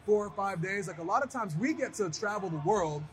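A man as an interview guest, telling stories in a casual, animated way and acting out voices. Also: high-pitched, a little fast, soft background music. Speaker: guest, pro wrestler.

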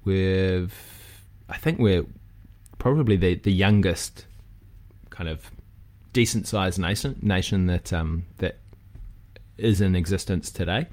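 Podcast guest, New Zealand man, very low voice, relaxed and rambling. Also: slow pace, long pauses. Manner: relaxed, chatty, frequent fillers and restarts. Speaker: guest, physical therapist. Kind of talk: casual podcast conversation.

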